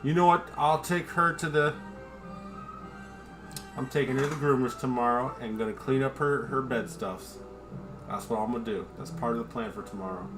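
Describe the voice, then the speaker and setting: A man's voice: mid-range voice, normal speed, fairly bright tone, faint music behind. Rambling, profane man on a home livestream. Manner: rambling, profane, self-deprecating; talks to his dog. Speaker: livestream host. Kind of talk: casual livestream chat while drinking.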